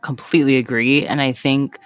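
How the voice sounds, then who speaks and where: A woman's voice: rumbling low, steady tone, fairly quick, dry recording. A woman hosting a podcast, chatting casually, agreeing readily and asking eager questions. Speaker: podcast host.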